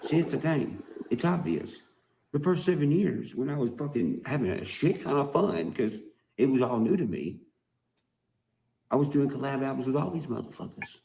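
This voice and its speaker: A man's voice: medium pitch, lively intonation, normal speed, creaky, warm tone, slight background noise. A man ranting to his fans in a heated, profane, mocking monologue. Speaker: rapper speaking to fans.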